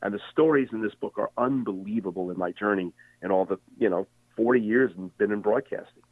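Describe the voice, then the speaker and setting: A man's voice: lowish voice, brisk, no room sound. Older man storyteller on a tinny phone line. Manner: animated storyteller with many voices. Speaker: veteran sports broadcaster, guest. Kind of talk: storytelling interview.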